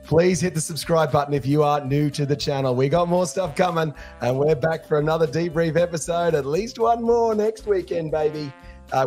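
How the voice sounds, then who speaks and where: An Australian man hosting a fan podcast, hoarse after losing his voice, chatting in an excited, rambling way. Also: fairly high pitch. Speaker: podcast host. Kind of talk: casual podcast chat.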